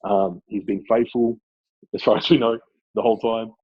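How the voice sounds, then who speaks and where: A man with an Australian accent, a former club footballer, chatting casually as a guest and telling lively stories. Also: fairly low pitch, normal speed, husky, no room sound, dull audio. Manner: animated storyteller, laughs often. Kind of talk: casual chat.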